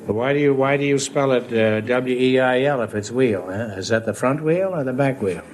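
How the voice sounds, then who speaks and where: A man hosts a 1950s radio quiz with a wisecracking, teasing delivery. His voice sits at an ordinary middle pitch, and a faint hiss runs underneath it. He needles the contestants playfully between questions. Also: moderate pace. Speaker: quiz show host.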